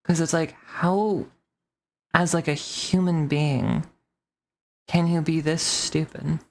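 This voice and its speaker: A woman's voice: low voice, fairly even intonation, slow pace, creaky, darkish tone. A woman streamer ranting casually to her chat, rambling and swearing with many restarts.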